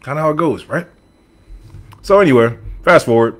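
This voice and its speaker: A man's voice: on the high side, moderate pace. Opinionated male sports podcast host. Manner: animated, opinionated, talks straight to the audience. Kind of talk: casual sports talk monologue. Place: room with a team flag on the wall.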